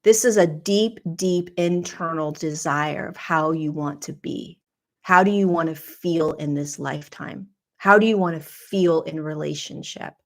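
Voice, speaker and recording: A woman's voice: low voice, unhurried. A woman podcast host telling a personal spiritual story in an earnest, confessional way.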